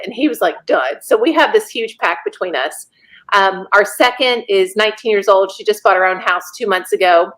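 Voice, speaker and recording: A woman, a podcast guest telling a personal story in a lively way and laughing often. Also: medium pitch. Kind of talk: casual storytelling.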